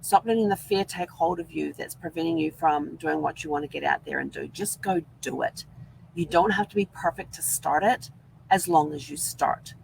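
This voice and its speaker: A woman's voice: sits low, expressive, moderate pace, creaky, a little hiss or hum, rough recording. A woman from New Zealand with a New Zealand accent, hosting a casual live-stream chat from inside an RV. She is upbeat and rambling, and she acts out the things she once said. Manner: upbeat, rambling, acts out her own past words. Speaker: vlog host.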